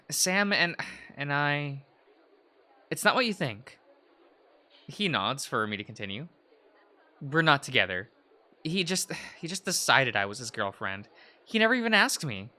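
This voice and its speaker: A man's voice: fairly high pitch, big pitch swings, measured pace, pauses often, sharp tone, full character voice. A man voicing an earnest, blunt teenage girl who narrates a visual novel in first person, close to tears. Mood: upset. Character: teenage girl protagonist, blunt, fed up with boys.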